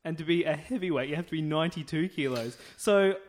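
A man's voice: fairly high pitch, fast talker. Man reading history notes, laughing. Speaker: podcast co-host. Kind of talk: casual comedic chat.

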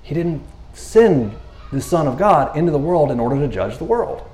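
A man's voice: fairly high pitch, sing-song, normal speed, a little mellow. Guy preaching a laid-back sermon, super conversational, keeps asking "you know what i mean", echoey room. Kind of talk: casual sermon.

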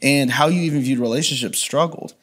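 A man's voice: medium pitch, fairly quick, fairly bright tone. A man reflectively sharing a personal testimony as an interview guest, with frequent restarts. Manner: earnest, reflective, many restarts.

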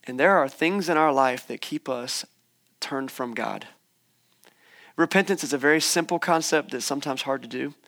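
A man's voice: mid-range voice, moderate pace, vocal fry, a bit bright. A young man preaching a sermon in church, conversational and encouraging, with playful asides. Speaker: pastor. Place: church hall.

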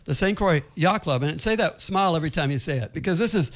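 Male studio guest, sailing teacher, somewhat high voice, easygoing storyteller. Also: expressive, fast talker. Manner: storytelling, easygoing, acts out quotes. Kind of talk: storytelling in casual chat. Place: radio studio.

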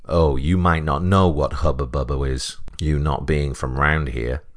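A man's voice: very deep voice, fairly even intonation, a little slow. A man voicing a chatty retired janitor.

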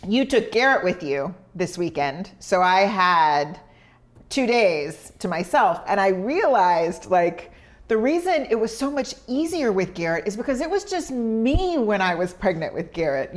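A pregnant woman in her thirties co-hosting a podcast in casual chat, laughing often and talking fast in bursts. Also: medium pitch, very animated. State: heavily pregnant. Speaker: podcast co-host.

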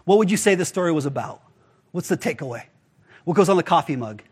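A man's voice: on the high side, expressive, fast talker, darkish tone, breathy edge. A man preaching a casual, conversational sermon as pastor, often acting out quoted voices with filler words.

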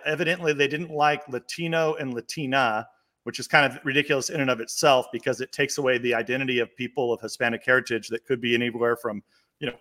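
A male host keeps the talk moving with upbeat, teasing questions for his guests. His voice sits at an ordinary middle pitch and his delivery is easygoing. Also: fairly bright tone. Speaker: show host. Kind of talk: hosting a political talk show.

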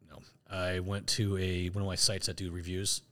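Low-voiced man chatting casually. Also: level tone, moderate pace, a bit bright. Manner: rambling, self-correcting, laughs at himself. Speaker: podcast co-host. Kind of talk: casual tasting chat.

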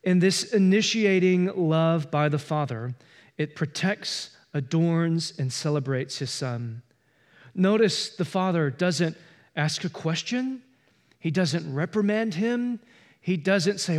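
Earnest pastor preaching, higher-pitched man. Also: takes it slowly. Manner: earnest, swings from loud to hushed. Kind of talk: sermon. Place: church.

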